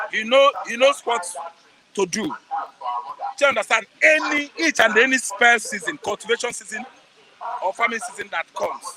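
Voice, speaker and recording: A middle-aged Nigerian man gives an impassioned street interview. He preaches, repeats phrases for emphasis, sometimes shouts, and asks himself rhetorical questions. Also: very high voice, low-quality recording.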